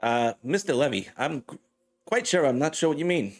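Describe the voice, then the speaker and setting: A man's voice: a little high, lively intonation, normal speed. A man playing a character in a tabletop role-playing game, speaking formally and evasively. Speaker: player.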